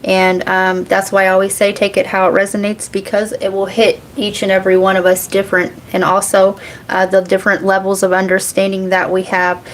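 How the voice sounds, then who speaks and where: A woman's voice: mid-range voice, completely flat delivery, a little fast, slight background noise. A woman, chatting casually on a livestream as a psychic reader, laughing often and cursing freely. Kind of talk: casual live chat reading comments.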